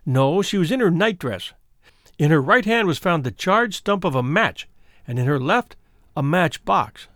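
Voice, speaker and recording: A man's voice: fairly high pitch, expressive, a little slow, a bit bright, no room sound. Man reading frightened young woman, storybook telling, earnest, dry close recording. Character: frightened young woman recounting her twin's death. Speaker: audiobook reader.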